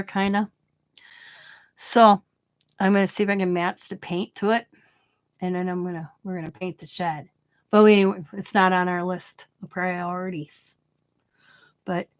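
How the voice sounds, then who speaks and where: A middle-aged woman telling a long story with blunt, animated delivery and casual swearing. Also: mid-range voice, a little slow, long pauses. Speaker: craft channel host. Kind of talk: casual storytelling while crafting.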